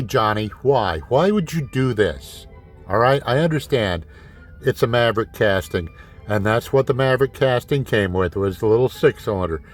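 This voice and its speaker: A man hosting a diecast car vlog in a casual, exasperated ranting way, swearing often and sarcastically calling his viewers kids. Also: mid-range voice. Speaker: diecast collector host.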